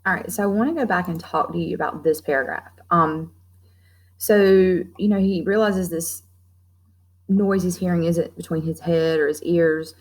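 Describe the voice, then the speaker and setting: A woman with a somewhat low voice walks her class through a story. She explains casually, with frequent fillers and restarts, as a teacher. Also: fairly even intonation, moderate pace, low-quality recording. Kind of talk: classroom literature lesson.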